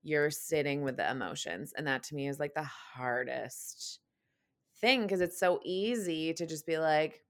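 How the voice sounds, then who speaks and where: A woman's voice: low voice, lively intonation, a little slow. A woman hosting a casual chat, speaking enthusiastically and affirmingly with casual swearing. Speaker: podcast host.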